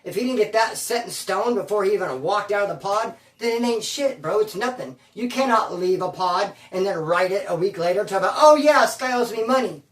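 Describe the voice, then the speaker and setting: A man's voice: high-pitched, a little fast, few pauses, distant mic. A man telling his own prison story in casual first person, full of street slang and calling the listener bro. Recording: roomy sound, away from the mic.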